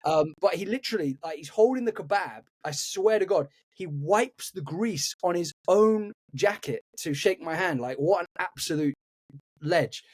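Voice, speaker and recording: Excitable man stammering through a story. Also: sits high, moderate pace. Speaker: podcast co-host and actor. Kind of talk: casual chat, anecdote.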